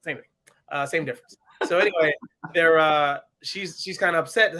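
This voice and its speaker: A man co-hosting a podcast, recapping a TV episode in casual, animated chat and slipping into voices for the characters. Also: fairly high pitch, a little fast. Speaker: podcast co-host.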